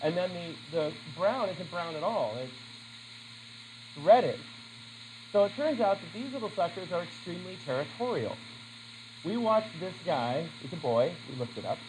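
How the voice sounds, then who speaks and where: A man's voice: high-pitched, big pitch swings, a little slow, slight background noise, rough recording. Chatty man teaching a class. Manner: chatty, asks the class questions. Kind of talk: classroom lesson.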